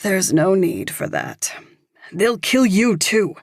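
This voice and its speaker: A woman reading the lines of a calm, tough mother in an audiobook, cool and blunt. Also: medium pitch, takes it slowly, gravelly, dry recording, clean studio sound, full character voice.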